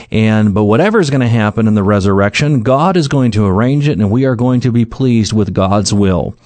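A man's voice: mid-range voice, a little mellow, dry recording. A middle-aged man preaching a sermon, working through Bible verses in an earnest, conversational way with many fillers and restarts.

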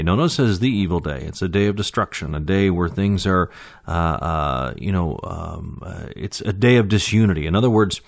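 A man with a fairly low voice, recorded close and dry, teaching through a scripture passage verse by verse. He is middle-aged and breaks his explanations with frequent "uh" fillers, then reads the quoted verses out slowly and deliberately. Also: no echo. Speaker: preacher.

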